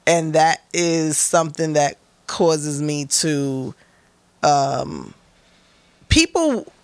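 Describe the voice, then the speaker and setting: Low-pitched and smooth, this young woman speaks extremely slowly as an interview guest, recorded with no room sound. She's candid and blunt, swearing freely and performing quotes as she tells animated stories.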